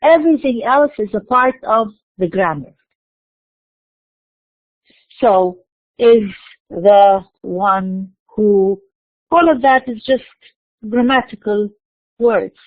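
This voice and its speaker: A woman's voice: medium pitch, takes it slowly, pauses often, no echo. Woman lecturing, tinny phone-like sound. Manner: explanatory, repeats words and restarts, asks and answers own questions. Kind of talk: university lecture.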